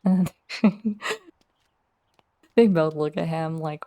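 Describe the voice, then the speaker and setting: A woman's voice: sits low, very slow, long pauses, warm tone. A woman hosting a casual let's play, chatting through her gameplay and talking straight to her game characters.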